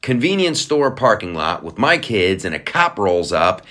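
A man's voice: lowish voice, sing-song, normal speed, fairly bright tone. A man hosting a podcast, ranting in a mocking, profane comedic commentary. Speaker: podcast host.

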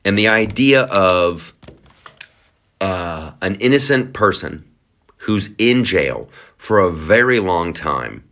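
A man's voice: sits low, lively intonation, slow, fairly bright tone. A man hosting a podcast, ranting in a mocking, profane comedic commentary. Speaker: podcast host.

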